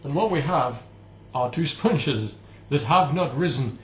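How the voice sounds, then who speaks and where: A home baker vlogger chats in an unhurried, medium-pitched voice with lively intonation, making playful self-mocking comments while he bakes. His home kitchen sounds roomy, and there's a slight hiss or hum in this casual cooking vlog.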